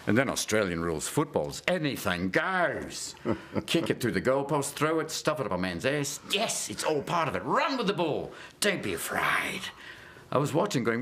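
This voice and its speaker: A man being interviewed, riffing manically and jumping between put-on voices and shouts. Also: medium pitch, very animated, brisk, slight background noise. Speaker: comedian interviewee.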